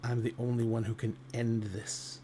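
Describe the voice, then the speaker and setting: A man's voice: mid-range voice, monotone, moderate pace, mellow, slight background noise, pitched below the performer's own voice, close to an everyday voice. A man voicing Atropos, the eldest of the fates, grave and menacing. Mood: grim. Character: Atropos, cold eldest woman of fate.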